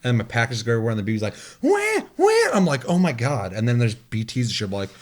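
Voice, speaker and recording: A man co-hosting a gaming podcast, telling stories in a casual, animated, profane way and imitating game sounds. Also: mid-range voice, very fast, noisy background. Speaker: podcast co-host.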